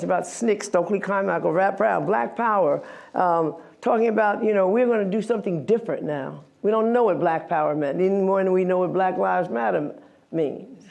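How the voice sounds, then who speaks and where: A woman's voice: mid-range voice, gravelly. A woman in her eighties, an activist giving a candid, wry talk about her past to an audience. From United States. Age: 80s. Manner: candid, wry, animated storytelling with self-mocking laughs. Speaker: guest speaker, activist. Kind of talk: storytelling talk before an audience.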